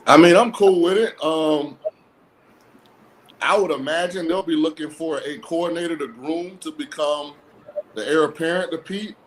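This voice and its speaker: A man chats about football as a show guest, blunt and dryly sarcastic as he breaks down the latest coaching moves. His voice sits a little high for a man, with a faint hum of room noise behind him. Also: normal speed, poor audio. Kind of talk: casual sports talk. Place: lives in a cold-weather state.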